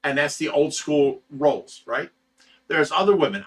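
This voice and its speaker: A man's voice: fairly high pitch, expressive, fairly quick, a bit bright, distant mic. A man hosting a livestream, chatting casually and reading viewer comments in a blunt, rambling way, swearing freely. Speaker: livestream host reading chat.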